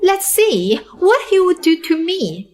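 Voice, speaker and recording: A woman's voice: very high voice, very animated, slow, darkish tone, full character voice. A woman voicing a cruel, spoiled young rich woman who taunts and mocks in a dubbed drama. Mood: taunting. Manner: taunting, mocking.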